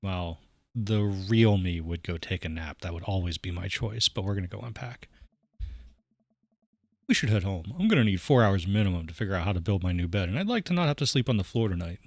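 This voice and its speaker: A man's voice: sits low, lively intonation, a little fast, dry recording. A man playing through a dating game, reading lines aloud and joking along. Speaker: game streamer.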